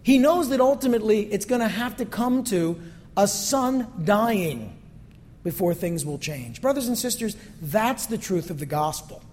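A man's voice: high voice, animated, normal speed, darkish tone. A male pastor giving a conversational sermon that is full of rhetorical questions, recorded in a church sanctuary. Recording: long reverb from a hall.

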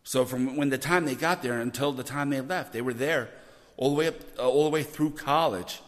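A man preaching a sermon, animated and often repeating words as he builds to loud emphasis. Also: medium pitch, a little fast. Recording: long reverb of a church hall.

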